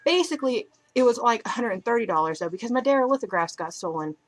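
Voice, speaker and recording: A young woman telling a story to camera in a chatty, animated way, acting out what people said. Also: on the high side, fast talker, poor audio. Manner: animated, chatty, lots of "like" and quoted dialogue. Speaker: vlogger. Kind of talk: casual storytelling vlog.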